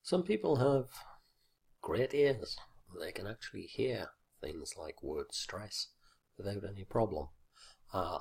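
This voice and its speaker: Slow, gravelly-voiced male teacher trainer. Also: sits low, a little mellow. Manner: slow, deliberate explanation with fillers and exaggerated example words. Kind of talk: instructional video lesson.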